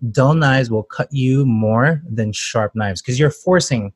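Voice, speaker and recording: A man's voice: medium pitch, slow pace, slightly rough, no echo, studio quality. A man who works as a cook, chatting casually on a podcast, swearing freely and laughing often. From Canada. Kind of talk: casual chat.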